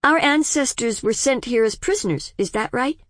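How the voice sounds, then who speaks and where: A woman's voice: on the high side, expressive, moderate pace, fairly bright tone, no room sound, clean studio sound, pitched above the performer's own voice. A woman raising her voice for a bold, probing young woman. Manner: probing, questioning, defiant.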